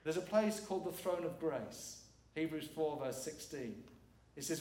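A man's voice: fairly high pitch, lively intonation, a little slow, few pauses, darkish tone. A middle-aged man preaching as a guest speaker, earnest and emphatic, repeating words for weight. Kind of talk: sermon. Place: church sanctuary. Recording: echoey church hall.

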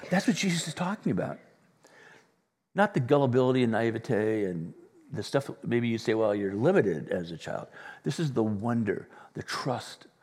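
A middle-aged man preaches a sermon in a mid-range voice. He tells his stories with animated quoted voices. The hall's long reverb trails behind his words. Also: medium pitch, moderate pace, husky. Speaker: pastor. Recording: church hall with long reverb.

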